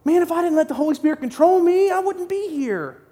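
A man giving an excited, conversational sermon in short punchy phrases as a lay preacher in a church. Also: very high voice, fairly quick. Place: church sanctuary. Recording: long hall reverb.

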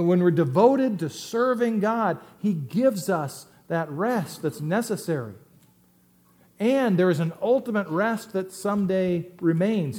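Middle-aged guy preaching, punches words hard then drops real quiet, kinda high voice. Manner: emphatic, swings between loud stresses and quiet asides. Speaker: pastor. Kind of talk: sermon.

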